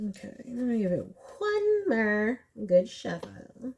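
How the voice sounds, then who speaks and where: Woman, tarot reader, casual chat, animated asides, unhurried delivery. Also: medium pitch, slight background noise. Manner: chatty, animated, slangy asides and acted-out quotes. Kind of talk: casual pick-a-card tarot reading.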